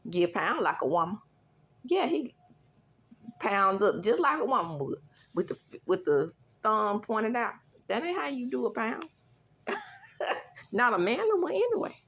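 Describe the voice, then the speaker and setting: A woman's voice: medium pitch, measured pace, breathy edge. Chatty woman recapping a reality show. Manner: chatty, animated, laughing asides.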